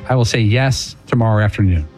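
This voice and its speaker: A man's voice: fairly low pitch, brisk, a little mellow, faint music behind. A man co-hosting a sports radio show, cracking dry jokes in casual banter. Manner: dry, joking. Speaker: co-host.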